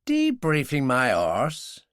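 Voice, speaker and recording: A man's voice: mid-range voice, wildly swooping pitch, slow, a bit bright, clean tone, no room sound, studio quality, full character voice. A man voicing a hard-edged male operative who talks in a sardonic, blunt way.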